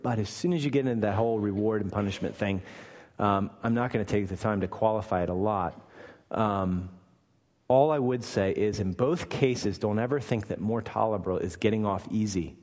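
A man preaching a sermon as pastor, earnest, rising louder and slowing on key points. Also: on the low side, big-room sound.

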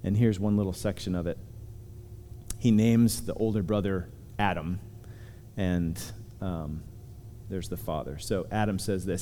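Mellow-voiced preacher in a reverberant hall. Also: male voice, sits low, steady tone, slight background noise. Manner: earnest, emphatic, slows on key words. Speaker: pastor. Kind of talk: sermon.

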